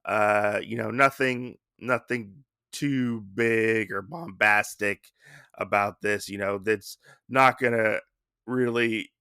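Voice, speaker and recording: A man's voice: on the low side, steady tone, slow pace, pushed and bright, clear, resonant tone, dry recording, studio quality. A man hosting a podcast, casually retelling and reviewing a comic story with enthusiasm and many fillers. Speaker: podcast host.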